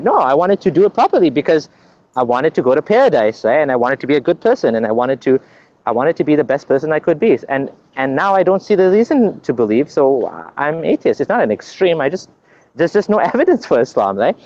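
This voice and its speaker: A man's voice: fairly high pitch, very animated, brisk, a little mellow, highs cut off. A man being interviewed as a guest, explaining at length in an earnest, conversational way, often restarting his sentences.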